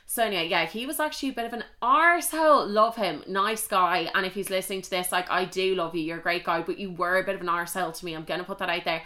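A young adult woman with an Irish accent hosts a podcast, telling personal stories in a candid, chatty, confessional way and swearing freely. She talks fast in a mid-range voice that's bright and forceful.

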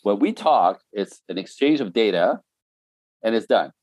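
A man's voice: on the low side, expressive, a little slow, darkish tone, dry recording. A middle-aged man talking casually and telling stories, laughing often and mimicking other voices. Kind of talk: casual podcast chat.

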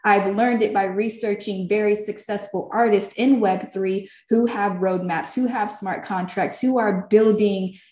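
A woman's voice: mid-range voice, steady tone, a little slow, hardly any pauses, mellow. A woman telling a story in loose, profane casual talk, laughing along the way. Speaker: filmmaker and podcast creator. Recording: roomy echo.

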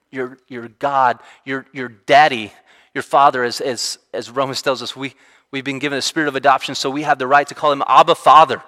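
A man preaching a sermon in an animated, conversational way, often restarting his sentences. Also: medium pitch. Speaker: pastor. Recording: reverberant hall sound.

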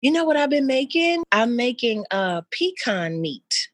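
A mother talking with an old friend in loose, rambling chat, with lots of fillers and lively pitch jumps when she quotes people. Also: unhurried, no room sound, clean studio sound. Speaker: mother of an eleven-year-old.

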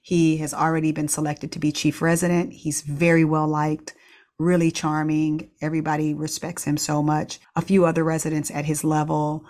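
A woman's voice: sits low, flat delivery, moderate pace, darkish tone. A middle-aged woman, a pediatrician, candidly telling a personal story with laughs and restarts. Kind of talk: reflective storytelling.

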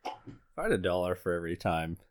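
A man's voice: low-pitched, expressive, fairly quick. A young man co-hosting a podcast, rambling through dry jokes in casual banter. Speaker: podcast co-host. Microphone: headphones and desk mic.

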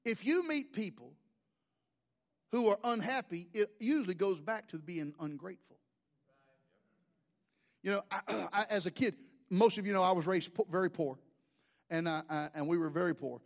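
High-voiced folksy preacher man. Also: moderate pace, pauses often. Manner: folksy, humorous, animated storytelling with mimicked voices. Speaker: pastor. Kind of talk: sermon.

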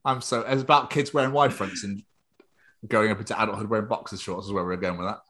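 A man's voice: fairly low pitch, steady tone, fast, a bit bright, slight background noise. A man co-hosting a podcast, chatting casually, rambling off on tangents and giggling. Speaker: podcast co-host. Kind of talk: casual chat.

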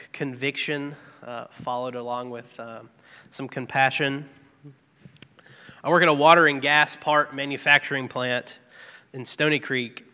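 A man's voice: medium pitch, sharp tone, smooth. A man giving an earnest, candid devotional testimony, telling a personal story about his work. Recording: long reverb, echoey hall.

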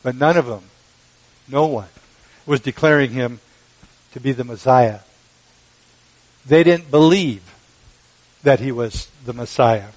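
A man preaching a sermon, measured and emphatic, with dramatic pauses. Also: mid-range voice, darkish tone, low-quality recording. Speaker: pastor.

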